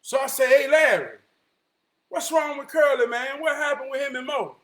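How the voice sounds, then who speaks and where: A man telling a long casual story, animated, often shouting and slipping into the voices of his friends. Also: very high-pitched, moderate pace, reverberant.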